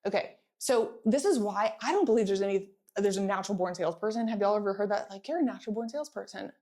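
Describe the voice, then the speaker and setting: A pregnant woman in her thirties giving a lively sales training talk to a live audience, often asking them to answer back. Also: medium pitch, quick pace. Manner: energetic, playful, asks audience for responses.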